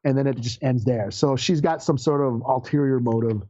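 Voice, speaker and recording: A man's voice: mid-range voice, moderate pace, mellow, no room sound, lo-fi sound. A man co-hosting a podcast, retelling a comic story in casual chat, swearing and laughing along the way. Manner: rambling, profane, laughs while retelling. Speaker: podcast co-host.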